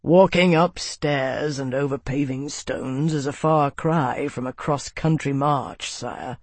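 A man voicing a big, practical male woodsman with a low rumbling voice. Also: fairly even intonation, slow, no room sound.

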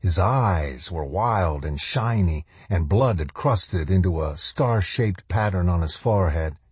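Deep, husky male audiobook narrator. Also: lively intonation, a little slow, a little mellow, no room sound.

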